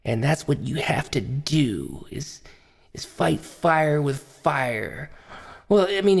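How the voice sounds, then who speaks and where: A man's voice: fairly high pitch, vocal fry. A man playing a preachy woman pundit. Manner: preachy, repeats one word. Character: preachy woman pundit, self-righteous, shrill. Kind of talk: comedy sketch role-play. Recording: echoey hall sound.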